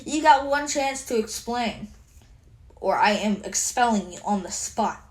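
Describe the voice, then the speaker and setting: A woman's voice: fairly high pitch, animated, measured pace, poor audio. A woman doing a furious stern teacher.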